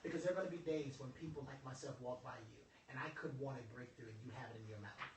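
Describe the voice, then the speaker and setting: A young man giving an informal motivational talk to a small group, lively and joking in a preacherly way, calling on his audience. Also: medium pitch, quick pace, a little hiss or hum. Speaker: motivational speaker. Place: indoor room with a small audience. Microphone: phone livestream from across the room. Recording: echoey room, voice from a distance.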